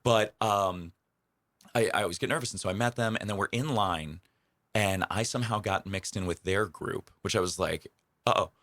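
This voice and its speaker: A young comedian tells his stories in a radio studio, rambling and self-deprecating. His voice sits very low but carries a forceful, bright edge. The sound is dry and close, with almost no room around it. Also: normal speed, dry recording. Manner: chatty, self-deprecating, rambling with fillers and laughs. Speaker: comedian, radio interview guest. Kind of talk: casual interview storytelling.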